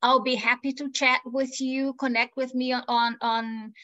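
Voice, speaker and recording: A woman's voice: sits high, flat delivery, unhurried, muffled recording. A woman from Brazil with a Brazilian accent, giving an earnest webinar talk with many "you know" fillers. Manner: warm, earnest, with frequent fillers. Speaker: guest speaker. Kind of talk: webinar presentation.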